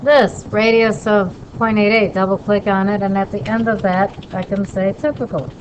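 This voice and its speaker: Woman instructor, casual lesson, chatty, quick check-in questions, noisy background. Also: mid-range voice, fairly even intonation, dull audio. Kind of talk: casual screen-recorded lesson.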